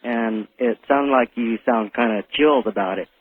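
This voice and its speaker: A man calling in to a radio show, speaking quietly and hesitantly. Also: medium pitch, moderate pace, slightly rough. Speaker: caller. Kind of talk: phone call to a radio show. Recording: tinny phone line.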